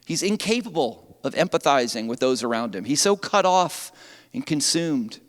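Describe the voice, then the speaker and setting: Pastor, male, lively conversational sermon, slightly high voice, long church reverb. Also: normal speed. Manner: animated, conversational preaching. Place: church sanctuary.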